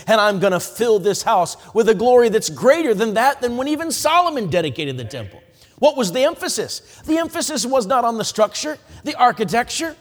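A man preaching a sermon as an evangelist, reading scripture in old-fashioned wording and building to impassioned shouts. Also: high-pitched, big-room sound.

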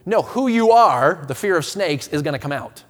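A man in his thirties preaching a sermon to his congregation, swinging from quiet earnest talk to loud impassioned appeals, often stumbling and restarting his words. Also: fairly high pitch, animated, normal speed. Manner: stammering restarts. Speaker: pastor. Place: church sanctuary with a congregation. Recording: long reverb of a church hall.

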